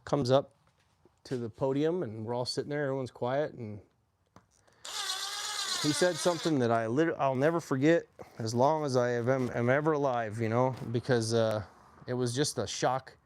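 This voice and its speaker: A man's voice: mid-range voice, normal speed, a little hiss or hum. Plainspoken man in his forties. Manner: plainspoken, animated when quoting others. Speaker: army veteran telling his story. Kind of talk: casual storytelling.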